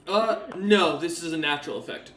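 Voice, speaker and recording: A man's voice: a little high, a little fast, fairly bright tone, reverberant, slight background noise. A man narrating as game master of a tabletop game, describing scenes loosely with many fillers.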